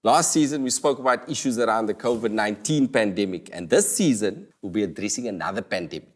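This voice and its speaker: A man hosting a comedy talk show, delivering a playful scripted monologue with sudden high exclamations. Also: animated, fast talker.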